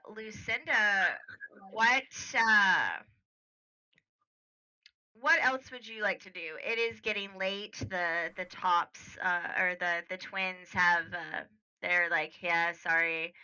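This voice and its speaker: A woman's voice: mid-range voice, slow pace, sharp tone, clear, resonant tone, highs cut off. A woman narrating a tabletop game as game master, rambling with many fillers. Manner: rambling, filler-heavy, laughing.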